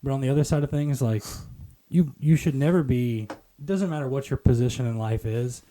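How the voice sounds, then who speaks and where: A man's voice: mid-range voice, a little fast, warm tone, slight background noise. A man hosting a casual podcast, reacting with dry quips and giving blunt opinions. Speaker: podcast host.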